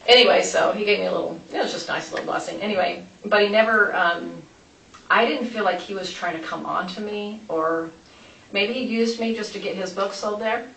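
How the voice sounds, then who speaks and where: A woman's voice: medium pitch, fairly quick, creaky, a bit bright. A woman recounting events to police, chatty and rambling, often switching course mid-story. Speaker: interviewee. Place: interview room. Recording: echoey room, distant mic, light noise.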